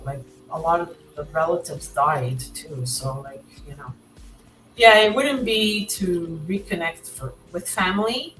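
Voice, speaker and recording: A woman from Canada hosts a livestream and chats easily with her guest, her voice sitting a little low. She stops now and then to read out what viewers write. Faint music plays underneath. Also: rough recording. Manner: chatty, warm laughs, reads viewer comments aloud. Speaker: livestream host. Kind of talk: casual chat.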